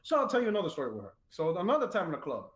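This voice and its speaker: New man, casual animated storyteller, high voice, echoey room. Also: rapid-fire. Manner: animated, swearing, quotes people in raised voice. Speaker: podcast guest telling stories.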